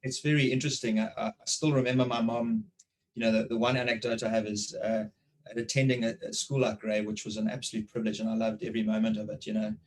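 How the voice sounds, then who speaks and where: Animated South African man telling stories. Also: fairly low pitch, quick pace, low-quality recording. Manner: animated storytelling, repeats words. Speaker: interviewer. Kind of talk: conversational interview. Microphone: video call.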